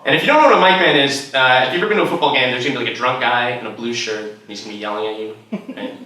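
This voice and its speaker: A man's voice: mid-range voice, rapid-fire, bright, forceful tone. A young man telling a rambling stand-up story, full of fillers, to a laughing crowd. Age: young adult. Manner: rambling, filler-heavy delivery. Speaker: stand-up comedian. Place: large echoey room, heard from far off. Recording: echoey room, distant mic, noisy. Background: audience laughter.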